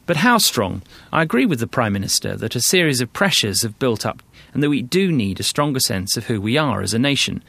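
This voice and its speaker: A man from London presenting a radio documentary, scripted narration in a measured, wry way. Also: mid-range voice, sing-song, creaky, a bit bright, no room sound.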